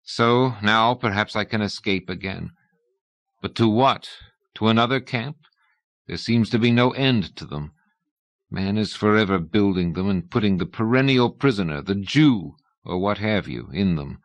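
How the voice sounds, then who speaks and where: A man reading an audiobook, voicing a bitter, weary male prisoner who speaks hollowly and low. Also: expressive, moderate pace, no room sound.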